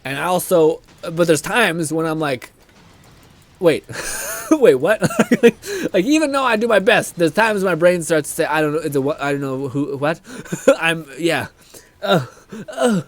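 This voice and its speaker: A young man chats with his live-stream viewers, reading their messages aloud and laughing as he goes. His voice sits a little high and swings widely in pitch. He swears casually and sounds relaxed.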